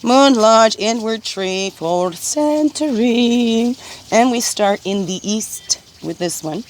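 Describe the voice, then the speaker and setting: A woman giving a casual spiritual card reading, musing gently and often checking in with "right?". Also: mid-range voice, animated, takes it slowly, a little hiss or hum.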